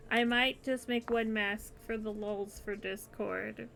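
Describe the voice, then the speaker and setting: A woman's voice: fairly high pitch, steady tone, takes it slowly, creaky, fairly bright tone, a little hiss or hum. A woman streamer chatting casually with her viewers while crocheting, giggling often and yawning near the end of her stream.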